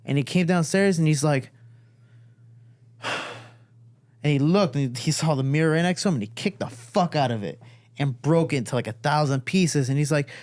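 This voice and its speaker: A man's voice: fairly high pitch, moderate pace, long pauses. A man from Chicago telling a family story in casual conversation, acting out the people he quotes. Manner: animated, acts out quotes with a raised voice. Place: studio.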